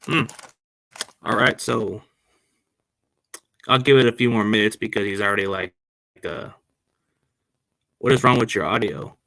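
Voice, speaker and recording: A man's voice: lowish voice, measured pace, gravelly, long pauses, bright, forceful tone, dry recording. A man hosting a sports podcast on a laptop mic, chatting casually and rambling in slang. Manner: rambling, slangy, addresses listeners as man and dude. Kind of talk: casual chat. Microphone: laptop microphone.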